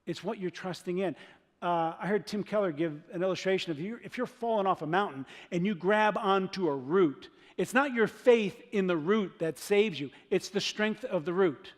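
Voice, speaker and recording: A male pastor preaching a sermon in a church, animated, acting out the voices of people in his story. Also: high-pitched, normal speed. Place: church sanctuary. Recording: long reverb of a church hall.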